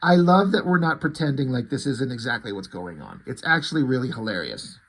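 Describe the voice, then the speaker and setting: A man's voice: medium pitch, sing-song, fairly quick, husky. A man reviewing comic books in a casual, rambling way, crude and full of fillers and restarts. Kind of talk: casual chat.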